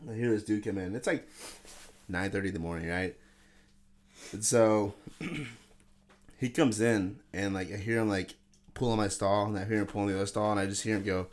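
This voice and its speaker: A man's voice: on the low side, normal speed, pauses often. Young man telling profane, laughing stories. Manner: animated, swearing, laughing through stories. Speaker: podcast co-host. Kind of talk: casual storytelling chat.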